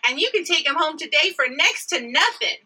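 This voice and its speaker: A woman's voice: sits high, animated, brisk, pushed and bright, pitched above the performer's own voice, heavily acted. Woman putting on a flirty phone saleswoman. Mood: flirty, salesy. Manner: breezy, teasing sales patter. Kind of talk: acted sales pitch in casual chat.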